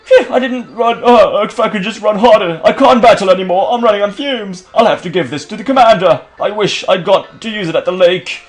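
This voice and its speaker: A man's voice: sits high, brisk, hardly any pauses, soft background music, voice pushed up, close to an everyday voice. A man voicing a cocky male villain grunt in a put-on British-sounding accent, rude and brash. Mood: taunting.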